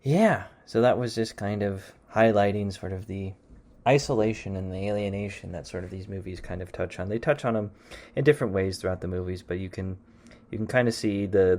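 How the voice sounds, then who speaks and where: A man's voice: low-pitched, brisk, darkish tone. A man hosting a music show in casual, rambling talk, hedging a lot as he wraps up. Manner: rambling, hedging with lots of "kind of" and "sort of". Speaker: radio show host.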